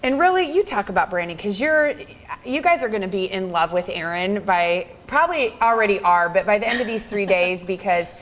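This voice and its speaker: A woman's voice: mid-range voice, animated, brisk, a bit bright. Woman, 30s, workshop presenter, bubbly, encouraging, often laughing. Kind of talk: upbeat live workshop talk.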